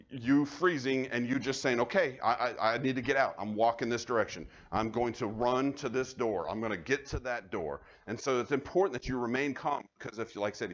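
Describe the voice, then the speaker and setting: A man, a police officer giving a live safety training talk, conversational and animated as he tells stories to the audience. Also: mid-range voice, dull audio. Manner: conversational, animated storytelling, addresses the audience directly. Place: university room before an audience.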